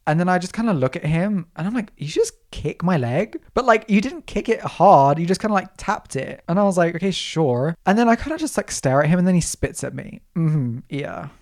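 A young podcast host spins stories in loose, slangy chat, voice leaping up and down in pitch to act out every quoted line. The delivery is dramatic and animated, and the host sounds fully at ease behind the mic. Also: quick pace, hardly any pauses. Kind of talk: casual storytelling.

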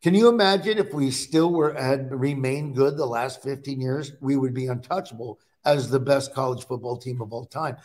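A middle-aged man from Nebraska, a guest in a casual chat, telling animated stories and acting out his own quotes. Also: mid-range voice, moderate pace, hardly any pauses.

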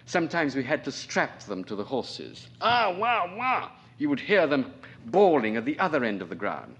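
A man's voice: medium pitch, very animated, moderate pace, breathy edge. A man reading aloud and voicing a stern, domineering colonel who talks down to his staff in a clipped, scornful way. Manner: clipped, scornful, sudden sharp outbursts. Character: stern aging male colonel, cutting, domineering.

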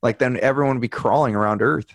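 A man's voice: medium pitch, fast talker, gravelly, no echo. A man hosting a casual conversation, telling a long personal story in a candid, rambling way.

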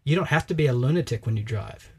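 Husky man, emphatic and preachy. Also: medium pitch, expressive, darkish tone. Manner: emphatic, preachy, quick to act out quoted voices. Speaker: podcast co-host. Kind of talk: casual religious podcast discussion.

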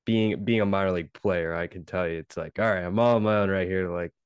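A man's voice: deep voice, steady tone, fast, smooth, no echo, studio quality. A young man hosting a casual interview, easygoing and affirming as he asks questions. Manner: easygoing, affirming, laughs along. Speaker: podcast host, former minor league player.

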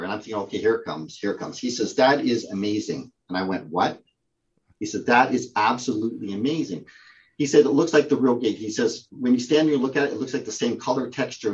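Brief: male guest, halting storyteller, lots of ums, dull lo-fi call audio. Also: medium pitch. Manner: halting, with many fillers and restarts. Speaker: prop company owner, guest. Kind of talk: casual anecdote telling.

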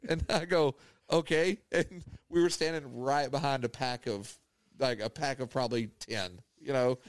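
A man's voice: medium pitch, fairly even intonation, moderate pace, smooth, no room sound. A man, co-hosting a podcast in casual chat, rambling through funny stories and laughing often. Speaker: podcast co-host.

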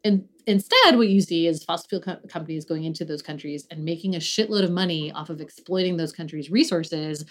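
A woman co-hosting a podcast in casual chat, blunt and quick to swear. Her voice sits a little low, and she trails off into restarts as she talks. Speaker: podcast co-host.

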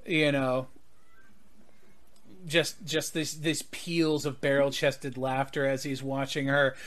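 A man's voice: medium pitch, little pitch movement, slow, fairly bright tone. A man narrating a tabletop game as game master, with rambling, hesitant delivery and plenty of fillers.

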